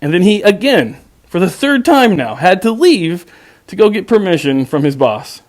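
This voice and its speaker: A man's voice: high-pitched, very animated, moderate pace, no room sound, studio quality. A man hosting his own show, telling a story in a sarcastic, exasperated and profane way, often restarting his sentences. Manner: repetitive stammering restarts. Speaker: podcast host. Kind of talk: casual storytelling monologue.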